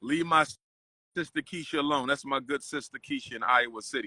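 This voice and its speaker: A man hosting a casual street conversation outdoors, talking in an animated, preachy way. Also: medium pitch, brisk, no echo. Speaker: host.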